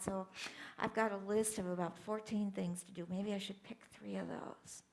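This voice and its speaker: An older woman minister giving a sermon, telling stories with animated swings from hushed to loud. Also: mid-range voice, normal speed, vocal fry.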